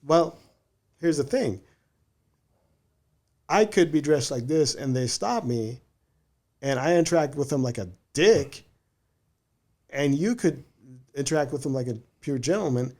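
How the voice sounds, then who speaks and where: A man's voice: a little high, animated, measured pace, pauses often, warm tone. A man, a criminal defense attorney, patiently explaining legal rights in a casual podcast conversation and often checking in with "right?".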